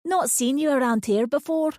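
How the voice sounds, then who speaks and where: A woman's voice: high voice, normal speed, darkish tone, no echo, clean studio sound, pitched above the performer's own voice, close to an everyday voice. A woman voicing a cheerful, chatty elderly lady with a sweet, honeyed voice and a West Coast Scottish accent. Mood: chirpy. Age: older. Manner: chirpy, fussing hostess.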